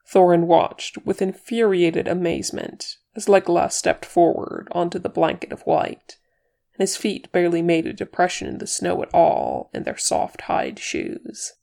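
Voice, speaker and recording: A woman narrating a chapter of fan fiction as an audiobook reader, measured and expressive. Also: on the low side, creaky.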